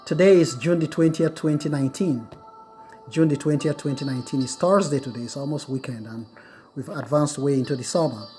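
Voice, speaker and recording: A middle-aged man with a fairly high voice delivers a lecture. He repeats key phrases slowly so his students can note them down. Faint music sits behind his voice. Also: warm tone. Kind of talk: recorded lecture on Buddhist wisdom.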